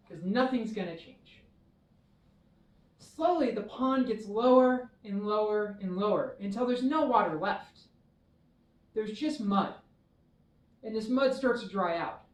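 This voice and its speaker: A woman minister giving a children's dharma talk, telling a story in a warm, expressive way. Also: mid-range voice, unhurried. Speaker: temple minister. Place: temple hall. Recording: echoey hall, mic far off.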